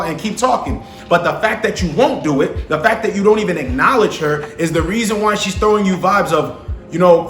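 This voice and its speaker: A man's voice: sits high, animated, brisk. A young man talking casually to camera about dating, slangy and profane, often asking the listener if they understand. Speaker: vlogger giving dating advice to men. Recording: echoey room with faint music.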